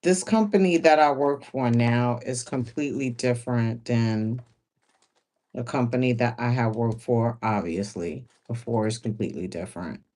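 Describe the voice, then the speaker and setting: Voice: medium pitch, moderate pace, a little mellow. A sewing livestream host chatting casually while working, laughing often and repeating phrases.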